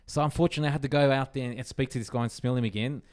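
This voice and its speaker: An Australian man on a podcast telling a long, rambling anecdote, animated and sweary, with lots of restarts. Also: medium pitch, racing. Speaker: podcast co-host. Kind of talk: casual chat.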